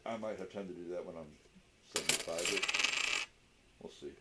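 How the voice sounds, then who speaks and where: A man's voice: low-pitched, normal speed. A man co-hosting a livestream, chatting casually and joking in a rambling way. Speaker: co-host of a coin roll hunting livestream. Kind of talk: casual chat. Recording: clear steady background noise.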